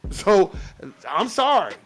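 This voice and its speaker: Brief: high-voiced man, heated profane podcast rant, faint music underneath. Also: sing-song, takes it slowly. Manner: profane, heated, mocks others in quoted voices. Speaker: podcast host. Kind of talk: casual ranting commentary.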